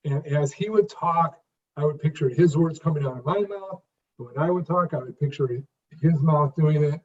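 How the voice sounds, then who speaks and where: Brief: fifties man, interview guest, slightly high voice, halting restarts, distant dull recording. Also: a little mellow. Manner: halting restarts, repeats words, then emphatic phrases. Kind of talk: conversational interview.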